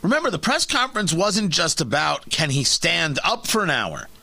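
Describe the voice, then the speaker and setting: Animated, sarcastic talk radio man. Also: fairly high pitch, normal speed, vocal fry, husky, no room sound. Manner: sarcastic, emphatic, repeats and restarts phrases. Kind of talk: opinionated radio commentary.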